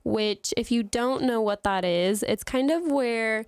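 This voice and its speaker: A woman hosts a casual podcast, relaxed as she explains and asks her guests questions. Her voice is smooth and clear, with a dry, close sound. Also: on the high side, a little slow, no echo. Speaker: podcast host.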